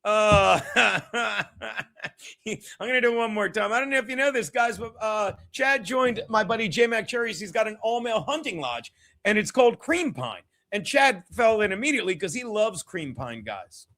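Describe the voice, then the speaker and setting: A man hosting a casual livestream, rambling, laughing and losing his train of thought as he gives shout-outs to the chat. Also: high-pitched, very animated, moderate pace. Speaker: comedian hosting a livestream show.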